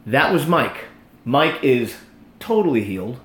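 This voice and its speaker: A bold, blunt man tells his story with real emphasis, acting out every quote as he goes. His pitch swings widely up and down, and the room around him has a noticeable echo. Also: sing-song, measured pace, a bit bright. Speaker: podcast guest telling a testimony. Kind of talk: animated casual storytelling.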